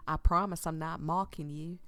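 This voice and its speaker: A woman's voice: low-pitched, fairly even intonation, normal speed, fairly bright tone. A woman from California reading a story game aloud and chatting about the characters, giggling as she goes. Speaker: let's play streamer.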